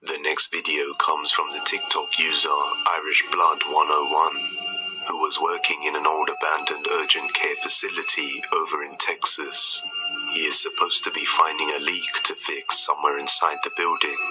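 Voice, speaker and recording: A man narrating a spooky video compilation in a scripted, measured, ominous way. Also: a bass voice, flat delivery, rough recording. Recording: loud background music under the voice.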